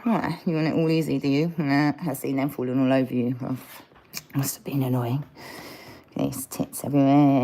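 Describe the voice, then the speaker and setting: A woman's voice: on the low side, poor audio. A woman in a chaotic, sweary, rambling comic monologue, jumping between voices.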